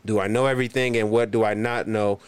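A man's voice: on the low side, fairly even intonation, quick pace, smooth. A man talking casually as a podcast guest, laid-back, filling his talk with "you know" and "like". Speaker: guest, local performer.

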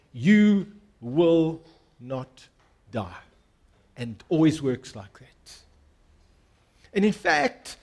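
A man's voice: high-pitched, a little mellow. A pastor preaching a sermon to his congregation, earnest and emphatic, repeating key phrases and inviting listeners to respond.

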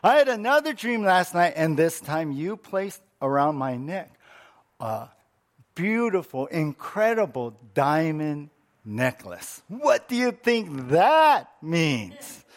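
A man voicing an excited wife who keeps fishing for a gift, his voice raised high and the words drawn out. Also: extremely slow, full character voice. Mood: coaxing.

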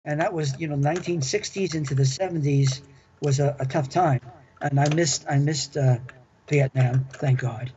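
A man's voice: fairly high pitch, normal speed, mellow. An older man telling stories from his working life in an interview, chatty and enthusiastic, often repeating himself. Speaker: interview guest, former club manager. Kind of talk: storytelling reminiscence. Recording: dull lo-fi recording.

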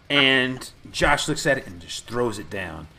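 A man's voice: medium pitch, vocal fry, husky. A man casually recapping a movie with a co-host, swearing and acting out the characters' lines. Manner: profane, animated retelling with quoted voices. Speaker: podcast co-host.

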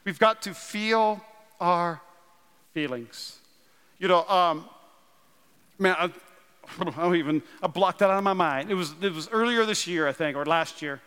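A man in his thirties from North Dakota, preaching a sermon with animated storytelling and self-deprecating humor. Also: high-pitched, a little slow, long pauses, clean tone. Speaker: pastor. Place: large church auditorium. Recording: long hall reverb.

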